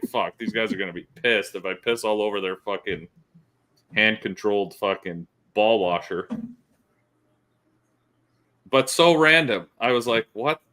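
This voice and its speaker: A male podcast host, telling profane stories in casual chat. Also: lowish voice. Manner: profane, animated storyteller.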